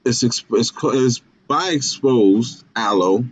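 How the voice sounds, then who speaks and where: A man's voice: mid-range voice, slow pace. A man co-hosting a casual live stream, rambling with many fillers and restarts over a video call. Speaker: co-host. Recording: dull lo-fi video call audio.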